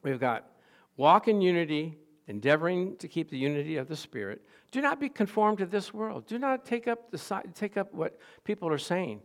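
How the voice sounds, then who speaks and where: A middle-aged man preaches a sermon with a slightly high-pitched voice. He tells stories in an animated way, acting out what people said and breaking into laughter. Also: normal speed. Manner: animated storytelling, acts out quotes, laughs often. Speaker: pastor.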